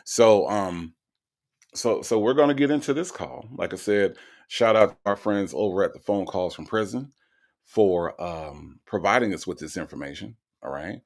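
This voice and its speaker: A man's voice: on the low side, normal speed, vocal fry. A man hosting a live stream, reading out chat comments and teasing in a drawling, repetitive way. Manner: drawling, repeats himself, teasing. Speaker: host.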